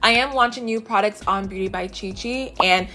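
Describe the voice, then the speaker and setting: A young woman hosting her beauty channel, chatting excitedly and a little out of breath as she shows new products. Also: medium pitch, moderate pace. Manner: excited, chatty, addresses viewers directly. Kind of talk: casual product vlog.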